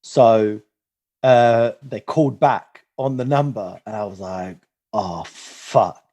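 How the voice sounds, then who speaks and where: A man's voice: mid-range voice, slow, dark tone. A young man on a podcast, telling a story in a loose, rambling way full of fillers. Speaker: podcast co-host. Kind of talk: casual chat.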